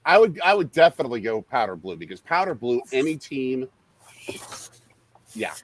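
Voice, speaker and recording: A middle-aged man hosts a casual live stream, chatting and calling a baseball game as it plays. His pitch sits mid-range for a man but swings widely, and he bursts into excitable, loud remarks. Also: normal speed, a little hiss or hum. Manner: animated, excitable, jumps into loud outbursts. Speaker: podcast host and father.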